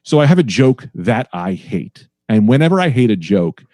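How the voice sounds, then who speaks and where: A man's voice: fairly low pitch, sing-song, moderate pace, mellow, no room sound, studio quality. A man who is a comedian guest on a podcast, telling a rambling, profane story about a show in a casual, self-deprecating way.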